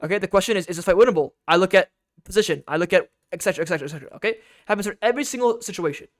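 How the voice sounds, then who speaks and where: A man's voice: high-pitched, very fast. A man giving an instructional game guide as a coach, emphatic and repetitive, often checking in with "okay?".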